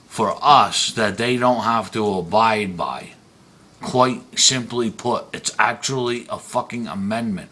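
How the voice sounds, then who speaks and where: Slow, forceful man ranting angrily. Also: deep voice. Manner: heated, profane, emphatic. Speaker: video blogger. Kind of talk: angry ranting monologue.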